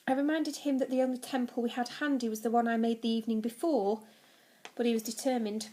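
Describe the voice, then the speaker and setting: A woman teacher reading a children's novel aloud to her class, telling it in a lively way. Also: a little high, quick pace.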